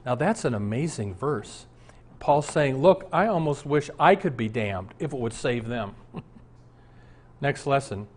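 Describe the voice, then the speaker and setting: A man's voice: medium pitch, lively intonation, a little slow, darkish tone, slightly rough. A man in his sixties, a pastor, preaching an earnest, conversational sermon full of rhetorical questions.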